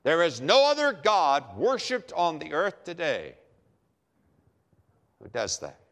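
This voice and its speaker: A man preaches with a lively, swooping delivery, his voice rising and falling widely from phrase to phrase. He takes his time, leaning on slow, deliberate pacing and repeated phrases for emphasis. A long reverberant tail hangs after his words, as in a large hall. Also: on the high side. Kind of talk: sermon.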